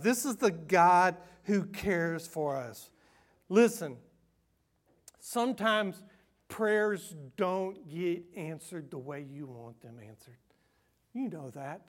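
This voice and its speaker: High-voiced man preaching with animated swings. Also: normal speed. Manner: animated and self-mocking, swinging from hushed to loud. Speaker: pastor. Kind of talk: sermon.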